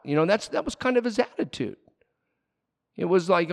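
A man preaching a sermon in a lively, animated way, his pitch rising and falling sharply as he drives home each point. His voice sits a little high with a gravelly edge. The sound carries a long reverb, as in a church hall. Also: normal speed. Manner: animated, shifts between loud emphasis and quiet asides. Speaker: pastor.

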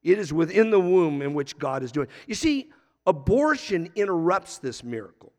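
A man preaching in a church, his somewhat high voice carrying a long reverb tail through the sanctuary. He reads scripture in slow, drawn-out phrases, then lifts into emphatic, energetic points before settling again. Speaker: pastor. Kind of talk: sermon.

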